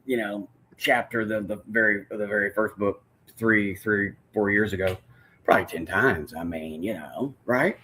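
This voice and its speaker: A man's voice: lowish voice, moderate pace, sharp tone, a little hiss or hum. A man hosting an interview podcast, encouraging his guest with frequent short affirmations and asking long, rambling questions. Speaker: podcast host. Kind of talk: casual interview conversation.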